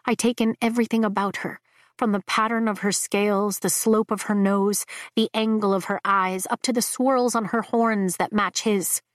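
A woman narrating a fantasy novel in the first person, with a measured, emotive reading. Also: mid-range voice, steady tone, no echo, studio quality. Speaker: audiobook narrator.

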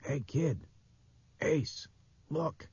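A cautious grown man asking questions as he leads the way, as a male narrator puts him on. The pitch sits noticeably above the reader's own very deep voice, and the tone stays dark and husky. It is a storybook reading on a dry recording. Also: drawn-out words, dry recording, dull audio, exaggerated voice. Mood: excited.

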